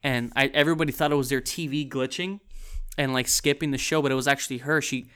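Man, casual show recap, smooth resonant voice, mid pitch, rambling, frequent fillers. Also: fairly even intonation, fast, sharp tone. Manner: rambling, many restarts and fillers. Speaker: TV show reviewer.

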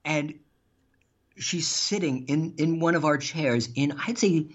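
A man telling stories in casual chat, animated and laughing, with some swearing. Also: on the high side, slow pace. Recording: dull lo-fi sound.

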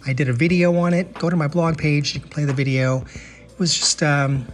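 A man's voice: fairly high pitch, steady tone, a little fast. An American man hosting a casual travel podcast, chatty and enthusiastic, often repeating words as he thinks. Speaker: podcast host.

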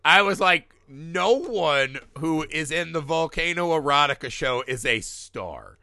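Man, casual film podcast rant, profane, very bright tone, dry sound. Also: a little high, unhurried, gravelly, no room sound. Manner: animated, ranting, swears often, laughs. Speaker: podcast co-host.

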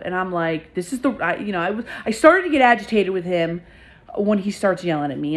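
A young adult woman hosting her own podcast, telling a personal story in a candid, emphatic way and repeating words for effect. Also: mid-range voice. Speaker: podcast host.

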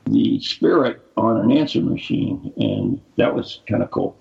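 Brief: husky, gravelly male co-host, rambling with fillers, muffled lo-fi recording. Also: on the low side, wildly swooping pitch. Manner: rambling, halting with many fillers. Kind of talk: casual chat. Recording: dull lo-fi sound.

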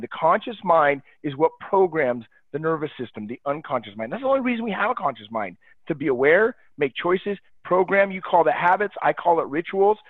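A man's voice: fairly high pitch, no echo. A man in his thirties, a podcast guest, talking in an enthusiastic, emphatic, motivational way. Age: 30s. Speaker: podcast guest, real estate agent. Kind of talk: casual interview chat. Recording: tinny phone-like line, dry.

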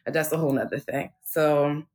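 A woman in her thirties talks in an unguarded, rambling way, swearing freely and circling back with fillers as she chats. Her voice sits a little low for a woman. The feel is easygoing, open podcast talk. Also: fairly even intonation, brisk, darkish tone. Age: 30s. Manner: candid, profane, rambling with many fillers. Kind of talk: casual chat.

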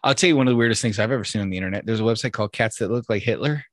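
A man's voice: on the low side, racing, dry recording, clean studio sound. A man hosting a podcast, rambling and swearing casually. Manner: rambling, profane, restarts a lot. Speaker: podcast host. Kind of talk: casual chat.

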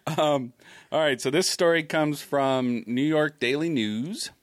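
A man's voice: on the high side, slow pace. A man hosting a casual talk show, reading news items aloud with wry comments. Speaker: news-segment host.

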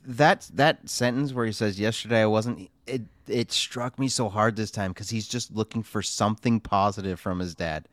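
A man in his thirties, a father, co-hosting a podcast in casual chat, enthusiastic and quick to laugh. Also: lowish voice, a bit bright, no echo, studio quality. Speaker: podcast co-host.

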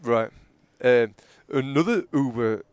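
Northern bloke, storyteller, dry close sound, gets heated in the retelling. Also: male voice, medium pitch, slow pace, clear, resonant tone, no echo. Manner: animated storyteller who acts out arguments loudly. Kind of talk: casual chat, storytelling.

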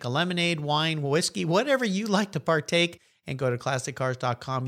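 An upbeat male podcast host with a bright, forceful voice, pitched a little high. He talks in a friendly, encouraging way, like easy conversation. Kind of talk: casual interview chat.

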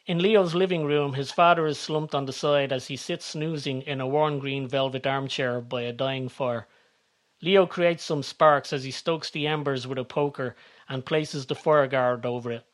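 A man narrating a story in a steady, descriptive reading voice. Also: mid-range voice, normal speed.

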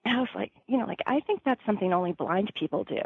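A woman's voice: medium pitch, animated, fast talker, gravelly, husky, no echo, narrow, tinny audio. A woman casually telling a personal story, full of fillers, who acts out the people she quotes. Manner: chatty, many fillers, acts out quoted voices. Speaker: storyteller guest.

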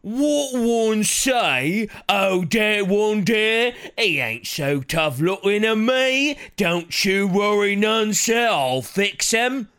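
A man voicing a dumb British ogre with a high, slow, dopey drawl. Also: expressive, fairly bright tone, clean tone, heavily acted.

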